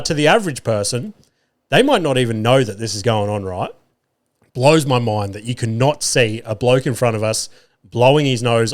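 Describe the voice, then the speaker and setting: An Australian man hosting a podcast, telling a comic story in a profane, exaggerated rant and talking straight to his listeners. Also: mid-range voice. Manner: fillers and restarts, addresses listeners directly. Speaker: podcast host.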